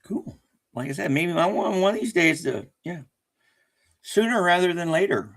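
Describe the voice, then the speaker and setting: Gravelly Southern man chatting live. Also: high-pitched, animated, normal speed, a bit bright. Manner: rambling, chuckling, self-correcting. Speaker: livestream host. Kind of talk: casual live chat.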